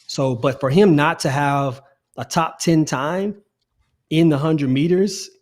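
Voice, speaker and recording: Animated man in casual sports chat. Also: a little high, takes it slowly. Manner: animated, repeats phrases. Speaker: podcast co-host.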